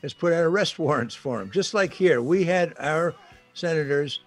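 A man's voice: on the high side, moderate pace, faint music behind. A man giving conversational political commentary, indignant and emphatic, with sarcastic asides.

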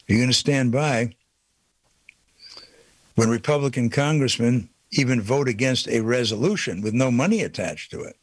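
A man's voice: medium pitch, no room sound. A man delivering an indignant political opinion monologue, pressing his points with repeated rhetorical questions. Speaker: political commentator.

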